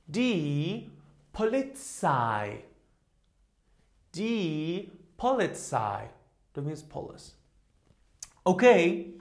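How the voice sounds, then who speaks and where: A man teaches a beginner language lesson at a very unhurried pace, saying each word several times for learners to echo. His pitch rises and falls widely as he stresses sounds, and he keeps checking in with a quick "okay?" or "huh?". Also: darkish tone. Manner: slow drilling with constant "okay?" and "huh?" checks. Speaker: German teacher.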